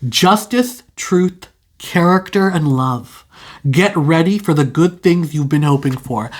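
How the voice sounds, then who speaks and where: A young adult tarot reader giving a casual intuitive reading straight to the viewer, chatty and full of fillers, stretching out key words. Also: medium pitch. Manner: chatty, filler-heavy, drawn-out keywords.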